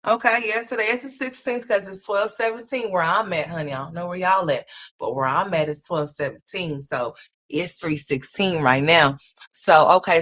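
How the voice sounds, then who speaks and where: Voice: mid-range voice, fairly bright tone. A commentator delivering unscripted gossip commentary in a blunt, profane, scolding way, rambling and repeating phrases for emphasis.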